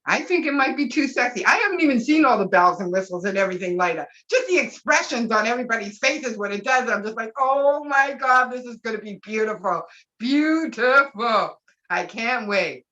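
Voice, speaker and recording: An excitable woman brand ambassador talks on a video call, her voice set a bit high, bright and forceful. She gushes and lets out whoops of delight. The call audio sounds dull and lo-fi. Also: fast talker, hardly any pauses. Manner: gushing and excitable, breaking into whoops. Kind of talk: excited live webinar talk.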